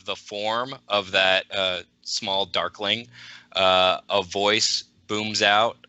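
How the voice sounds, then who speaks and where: Slow, bright-voiced man player. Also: lowish voice, level tone, clear, resonant tone, dry recording. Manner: hesitant, many fillers. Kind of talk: tabletop game play. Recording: dry lo-fi audio.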